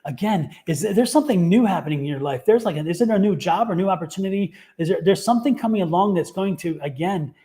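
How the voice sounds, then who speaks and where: A man's voice: high voice, lively intonation, fast talker, few pauses, warm tone. A man doing a livestream tarot reading, talking enthusiastically in a rambling way and laughing often. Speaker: tarot reader.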